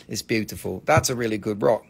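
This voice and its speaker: A man's voice: medium pitch, vocal fry, slightly rough. A man with an American accent hosting a casual live-stream crystal sale, joking and swearing as he rambles over the stones. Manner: joking, profane, rambling while showing stones.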